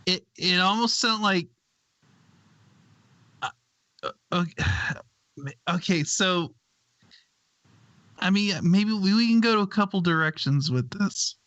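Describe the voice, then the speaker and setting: A man co-hosting a livestream in a casual chat, thinking aloud slowly with many restarts. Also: high-pitched, fairly bright tone, dry recording, lo-fi sound. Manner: slow, thoughtful, hesitant with restarts. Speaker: podcast co-host.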